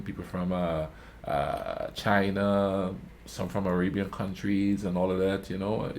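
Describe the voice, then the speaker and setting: Male reaction host, low mellow tone, laid-back rambling storyteller. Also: a little hiss or hum. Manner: rambling anecdotes, frequent "you know what I mean"; calls himself a quiet talker. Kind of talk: casual storytelling commentary.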